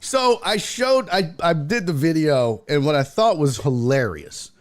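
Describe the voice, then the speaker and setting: A man's voice: on the high side, animated, unhurried. A man hosting a sports talk livestream, chatting casually in a rambling, profane way and laughing often. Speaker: sports show host.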